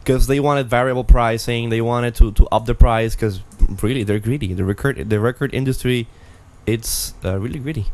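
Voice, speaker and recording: A man's voice: medium pitch, normal speed, few pauses. Rambling male podcast co-host. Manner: animated, rambling with restarts. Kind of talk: casual chat.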